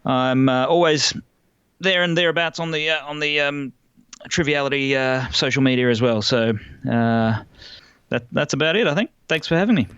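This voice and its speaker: A man's voice: mid-range voice, moderate pace, fairly bright tone, clear, resonant tone, no echo, muffled recording. An Australian man hosting a casual podcast quiz, often laughing and hesitating with fillers as he talks. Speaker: guest quizmaster.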